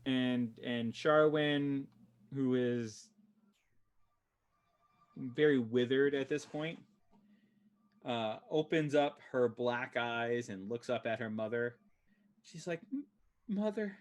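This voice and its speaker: Slow, halting man running a tabletop game. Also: mid-range voice, steady tone. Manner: slow, halting narration with many fillers. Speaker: dungeon master.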